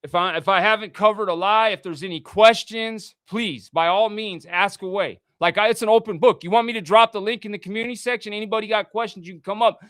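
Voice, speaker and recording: A man's voice: high voice, fast, hardly any pauses, fairly bright tone, dry recording, clean studio sound. A man hosting a livestream, reading out text messages and ranting indignantly with frequent swearing. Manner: indignant, profane, reads texts aloud. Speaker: livestream host. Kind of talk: casual livestream rant.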